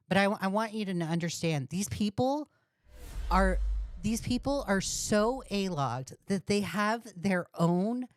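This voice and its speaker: A woman's voice: fairly low pitch, no room sound, studio quality. A woman host ranting on a commentary livestream, profane and indignant, repeating insults. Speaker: commentary streamer.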